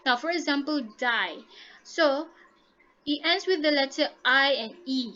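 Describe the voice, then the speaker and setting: A woman leads a grammar lesson, high in pitch, spelling out rules and checking in with "okay?" after nearly every step. Her voice comes through dull and lo-fi, as if over a muffled online-class connection. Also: measured pace, sharp tone. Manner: patient, repeats and checks understanding with "okay?". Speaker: English teacher. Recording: dull lo-fi audio.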